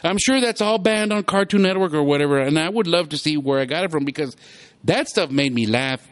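A middle-aged man chats on his own show in a loose, rambling way, his pitch bouncing high and low and often breaking into laughter. His voice sits a little high for a man, and the talk is loose and unscripted. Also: animated, fairly quick. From South Texas. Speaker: podcast host. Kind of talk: casual chat.

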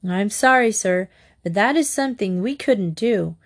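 A woman reading as a steady teenage boy. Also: mid-range voice, normal speed. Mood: firm.

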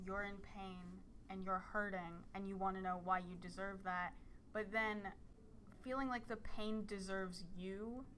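A young woman reading a poem in a measured way, then talking about it hesitantly with many fillers. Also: mid-range voice, fairly even intonation, a bit bright, slight background noise. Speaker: poem reader and guest. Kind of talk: poetry reading and casual discussion.

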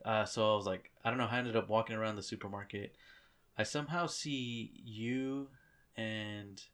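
A man's voice: lowish voice, fairly even intonation, moderate pace, fairly bright tone. A man co-hosting a podcast, telling a dream story in casual, profane chat. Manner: profane, storytelling, laid-back. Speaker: podcast co-host.

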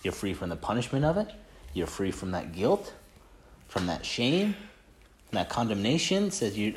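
A man with a fairly low voice gives a relaxed, earnest talk about faith. He rambles as he shares a testimony, leaning on filler "like"s and restarting his sentences, in the easy tone of a group leader chatting with friends. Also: moderate pace. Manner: earnest and conversational. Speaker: Christian team leader sharing a testimony.

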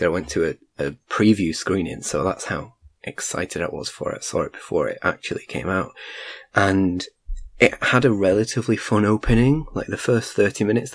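Low husky man reviewing films. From United Kingdom. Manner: rambling, frequent restarts and "like" fillers. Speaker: film reviewer. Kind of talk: casual film review chat.

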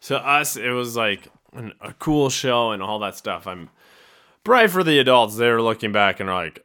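A man's voice: medium pitch, lively intonation, normal speed, pushed and bright. A young man hosting a casual solo podcast, rambling and laughing at himself as he talks. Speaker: podcast host.

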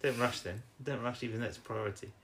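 A man's voice: medium pitch, fast talker, fairly bright tone, roomy sound. Rambling male podcast co-host. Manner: rambling, with teasing jokes. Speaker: podcast co-host recapping an episode. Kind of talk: casual chat.

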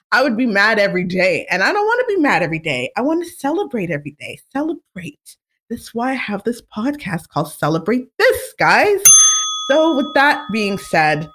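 A woman's voice: on the high side, a bit bright. A woman hosting a solo podcast, talking in a casual, blunt and profane way, exasperated and ranting. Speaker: podcast host.

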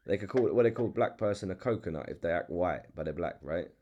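A young man with a London accent hosts an easygoing chat in a deep, low voice. He restarts his sentences and repeats himself as he goes, and swears casually. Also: expressive, fast talker, warm tone, lo-fi sound. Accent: London English. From England. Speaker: podcast host.

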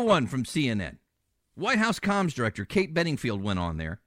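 Guy filling in on talk radio, ranting and sarcastic, pitch jumps all over. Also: huge pitch swings, normal speed, fairly bright tone, no room sound, clean studio sound. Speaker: fill-in talk radio host. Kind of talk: political talk radio commentary.

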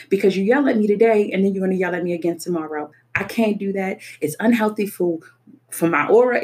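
A woman's voice: mid-range voice, a little mellow. A young adult woman speaking earnestly and emphatically about personal experience, often repeating her points. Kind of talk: personal reflective talk.

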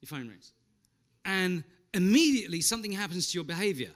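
A middle-aged man preaching a sermon, animated, asking the listeners questions and slipping in jokes. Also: high voice, a little fast. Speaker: pastor.

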